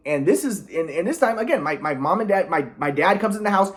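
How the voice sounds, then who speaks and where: A man telling a long personal story in a rambling monologue, halting often with restarts and repeated words and clearing his throat. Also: high voice, lively intonation. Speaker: vlogger.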